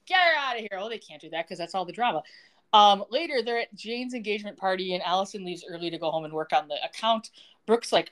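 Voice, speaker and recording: Talking at a quick pace in a mid-range voice, a female podcast co-host gives a casual, lively recap of a TV episode. She performs the characters' dialogue with laughs as she goes.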